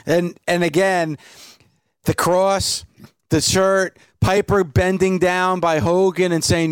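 High-voiced man recounting a wrestling moment. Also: flat delivery, takes it slowly, clear, resonant tone, no echo. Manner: earnest storyteller, retelling a scene. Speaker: podcast co-host. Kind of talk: casual wrestling chat.

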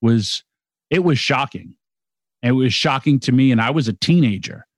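A middle-aged man co-hosting a casual podcast, talking in an excitable, rambling way with quick restarts. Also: mid-range voice, no room sound. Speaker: podcast co-host. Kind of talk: casual wrestling chat.

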